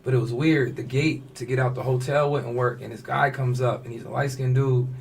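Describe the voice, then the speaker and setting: Man, guest storyteller, casual slang, acts out quotes, mid-pitched voice, faint background hiss. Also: fairly even intonation, fairly quick, gravelly, a little mellow. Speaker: fashion designer, podcast guest.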